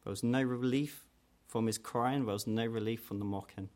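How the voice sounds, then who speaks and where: A man preaching a sermon in an earnest way, growing louder and higher when he voices quoted challenges. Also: fairly even intonation, normal speed, hardly any pauses. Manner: earnest, rises in pitch and force when quoting mockers.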